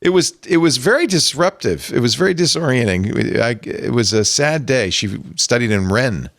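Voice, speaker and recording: A man's voice: mid-range voice, moderate pace, gravelly, no echo, clean studio sound. An older man hosting a tech podcast, chatting and joking, then reading the show's schedule and plugs. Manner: animated, jokey, reads show plugs. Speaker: podcast host. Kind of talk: casual chat.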